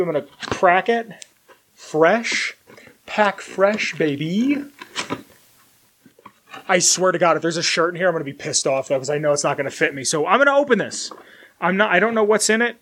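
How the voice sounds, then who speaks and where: A young man casually chatting through an unboxing, rambling and self-deprecating, with sudden bursts of loud excitement. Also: high voice, fairly quick, a little hiss or hum. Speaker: collector unboxing merchandise. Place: home room with collectibles shelf.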